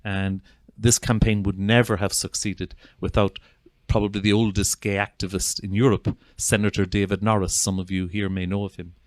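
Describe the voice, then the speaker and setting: A man's voice: lowish voice, flat delivery, normal speed, few pauses, no echo. An Irish man, a psychotherapist, giving an earnest, heartfelt talk to an audience, with frequent restarts. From Ireland. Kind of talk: informal talk to an audience introducing a video.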